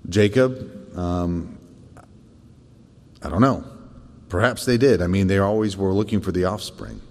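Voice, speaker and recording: A man teaching a church Bible lesson in a thoughtful way, often pausing on fillers and restarting. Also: fairly low pitch, darkish tone, in a large hall. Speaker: Sunday school teacher.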